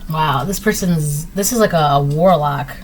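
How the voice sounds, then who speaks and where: A woman's voice: deep voice, normal speed, slight background noise, rough recording. A woman giving a casual spoken tarot reading at home, talking in an emphatic, repetitive, conversational way with lots of fillers. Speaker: tarot reader.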